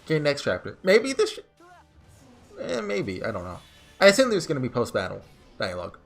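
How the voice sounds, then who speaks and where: A man's voice: medium pitch, huge pitch swings, fairly quick, vocal fry, soft background music. A man giving chatty let's-play commentary, thinking aloud as he plays. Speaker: gamer.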